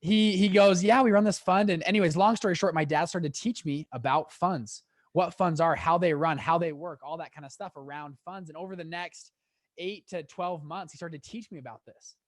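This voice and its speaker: A young man in his twenties, a guest on a podcast, telling his story in a lively way with many restarts. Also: on the high side, no room sound, clean studio sound. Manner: animated, quick storyteller with laughs and restarts. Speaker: guest, fund manager. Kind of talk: casual storytelling in an interview.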